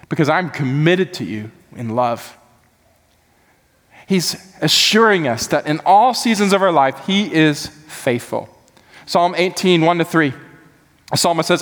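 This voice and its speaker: A man's voice: high-pitched, lively intonation, measured pace, in a large hall. A man preaching a sermon as pastor, earnest and building to impassioned emphasis.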